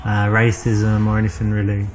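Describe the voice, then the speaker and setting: An actor with an English accent playing a smooth, confident man chatting up a woman in a video game. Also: on the low side, completely flat delivery, moderate pace, a little hiss or hum, natural voice. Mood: flirty. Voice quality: confident, glib, persuasive. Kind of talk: full-motion video game acting.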